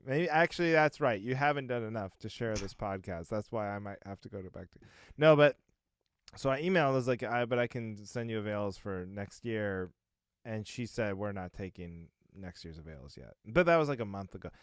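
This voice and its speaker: A man's voice: fairly low pitch, animated, brisk, clean tone, no echo. A man co-hosting a casual podcast, chatting in a dry, joking, self-deprecating way. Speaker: podcast co-host. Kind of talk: casual chat.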